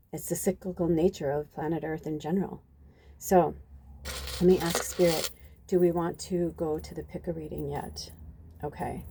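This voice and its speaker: A woman's voice: low-pitched, dark tone, slight background noise. A woman in her fifties, a psychic medium giving a chatty channeled reading to her viewers, casual and swearing freely. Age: 50s. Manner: chatty and swearing, addresses viewers as "you guys". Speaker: psychic medium and tarot reader.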